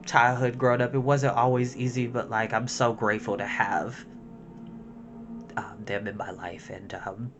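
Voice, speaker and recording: A man's voice: medium pitch, level tone, moderate pace, highs cut off, soft background music. A young man talking to camera as a storytime host, emotional and heartfelt, chatty and full of fillers. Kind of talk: personal talk to camera.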